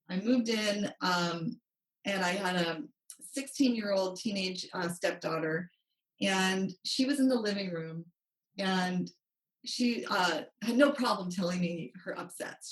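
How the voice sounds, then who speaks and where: Woman guest on a podcast, animated, roomy echoey sound. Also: medium pitch. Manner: animated, acts out quotes. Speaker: guest, money coach. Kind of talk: interview storytelling. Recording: roomy, distant from mic.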